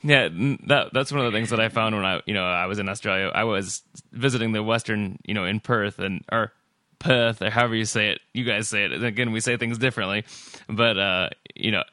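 An American man hosting a podcast, talking in a relaxed way with many fillers and reading out the show's contact details. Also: fairly low pitch, a little fast, no echo. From United States. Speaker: podcast host. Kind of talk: casual chat and show outro.

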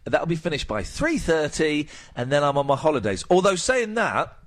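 A man hosting a radio show, chatting in a lively, self-mocking way into a close headset mic. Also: on the high side, moderate pace. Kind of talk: casual radio chat.

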